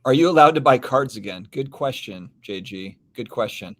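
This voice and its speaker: Male host, casual stream chat, relaxed and rambling, mid pitch. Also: normal speed. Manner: laid-back, rambling, reads out viewer comments. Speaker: podcast host.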